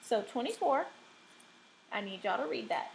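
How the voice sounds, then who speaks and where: A woman teacher giving a recorded reading lesson, speaking deliberately and checking in often with the class. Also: fairly high pitch, big pitch swings, creaky, a little hiss or hum, rough recording. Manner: slow, deliberate, checks in with frequent "okay?".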